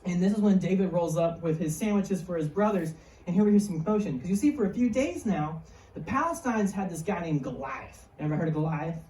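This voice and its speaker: A woman's voice: on the low side, expressive, brisk, dark tone. Jokey woman preaching in an echoey hall. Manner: jokey, chatty, slangy. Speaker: youth speaker. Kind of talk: casual youth sermon. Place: church hall. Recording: roomy hall, mic far off.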